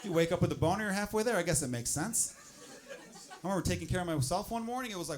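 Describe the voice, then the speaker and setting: Male stand-up comedian, high voice, blunt and animated, handheld mic, noisy live club. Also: fast talker. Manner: blunt, animated, acts out exasperated inner voices. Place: comedy club stage with audience laughter. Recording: noisy live room with audience.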